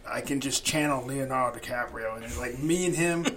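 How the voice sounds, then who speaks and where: A man in casual chat, retelling a movie with lots of swearing and loud acted-out quotes. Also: medium pitch, fairly quick, a crowd in the background. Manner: animated, profane, acts out quotes loudly.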